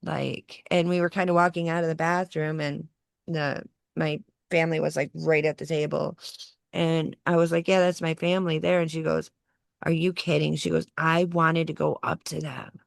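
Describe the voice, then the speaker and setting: Woman in her forties, podcast guest, low gravelly voice, lively storyteller who acts out quotes, dry close sound. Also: normal speed, dry recording. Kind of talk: personal storytelling in casual conversation.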